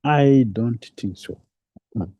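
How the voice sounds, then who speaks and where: A man's voice: mid-range voice, slow, dry recording, dull audio. A man giving a devotional lecture, repeating phrases for emphasis and asking rhetorical questions, in non-native English phrasing. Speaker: preacher.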